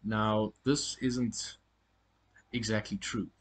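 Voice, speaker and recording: A man giving a casual spoken lesson on pronunciation, often halting and repeating words as he corrects himself. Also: on the low side, level tone, husky. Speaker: language teacher.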